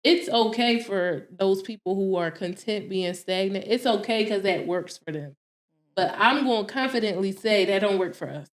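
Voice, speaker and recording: A woman in her thirties co-hosting a casual podcast, telling stories in an animated way, acting out her own quotes and laughing often. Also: medium pitch, moderate pace, echoey room. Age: 30s. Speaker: podcast co-host.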